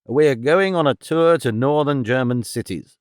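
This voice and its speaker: A man voicing a sharp, brisk detective who lays out his deductions in a crisp, decisive way. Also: medium pitch, dry recording, clean studio sound, natural voice.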